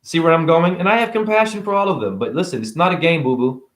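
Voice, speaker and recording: A man's voice: a little high, quick pace, echoey room. A man ranting to camera about spirituality, sarcastic and profane. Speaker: vlogger.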